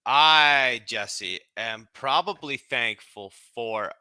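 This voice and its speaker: A man from Canada co-hosting a casual sports podcast, relaxed and rambling. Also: medium pitch, drawn-out words, clean tone, no echo. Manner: rambling, relaxed, lots of fillers and restarts. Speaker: podcast co-host.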